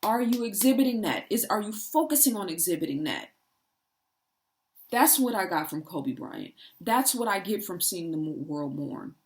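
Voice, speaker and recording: A woman with a somewhat low-pitched voice delivers an inspirational, spiritual monologue. She talks earnestly and repeats rhetorical questions in long, building lists. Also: animated, moderate pace. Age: adult parent. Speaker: spiritual speaker.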